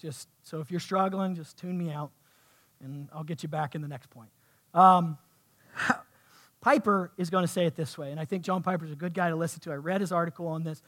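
A man's voice: on the high side, steady tone, a little fast, fairly bright tone. A man preaching a sermon as a pastor, talking conversationally and then building to fervent, emphatic preaching.

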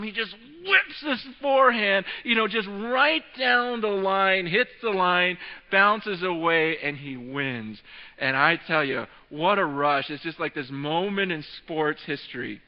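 Excitable pastor in a long-echo hall. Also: male voice, sits high, a little slow. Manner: excitable, restarts and repeats words, breaks into laughs. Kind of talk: sermon with an animated storytelling aside. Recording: echoing hall, dull lo-fi sound.

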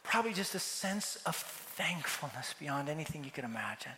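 A man's voice: a little high, big pitch swings, moderate pace, bright, forceful tone, a little hiss or hum. A man preaching a sermon, telling a story and acting out the characters' lines. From United States. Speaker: pastor. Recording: echoey hall with long reverb.

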